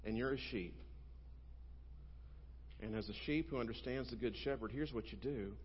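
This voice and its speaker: A male pastor preaching a sermon, telling stories emphatically and moving between loud and quiet. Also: mid-range voice, normal speed, a little hiss or hum. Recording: dull sound with long hall reverb.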